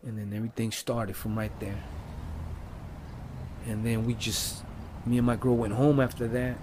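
A man's voice: medium pitch, level tone, moderate pace, background noise. A man, a rapper, telling a personal story in a loose, rambling, casual way with lots of fillers and swearing.

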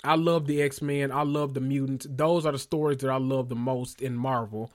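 A man's voice: mid-range voice, moderate pace. Gushing, foul-mouthed podcast host man. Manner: excitable and gushing, swears freely; rambling, self-correcting. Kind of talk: casual podcast rant.

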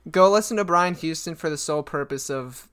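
A young man co-hosts a casual podcast, chatty and quick to laugh. His voice sits a little high. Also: fairly bright tone, clear, resonant tone. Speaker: podcast co-host. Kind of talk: casual chat.

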